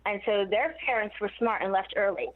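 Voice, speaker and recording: A woman's voice: mid-range voice, a little fast. A woman in her forties, a guest on a phone interview, telling long digressive stories with laughs mixed in. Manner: rambling, digressive storytelling with laughs. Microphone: phone call. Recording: tinny phone line.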